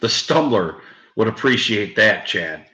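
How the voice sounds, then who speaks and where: A man's voice: fairly low pitch, sing-song, unhurried, pushed and bright. A man live-streaming in a casual chat with his viewers, joking and laughing often. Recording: roomy, dull lo-fi sound.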